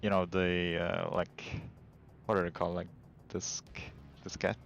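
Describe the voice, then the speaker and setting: Man, non-native English speaker, deep gravelly voice, hesitant, word-searching, casual chat. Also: little pitch movement, measured pace, highs cut off, slight background noise. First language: not English. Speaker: game artist. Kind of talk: casual dev stream chat.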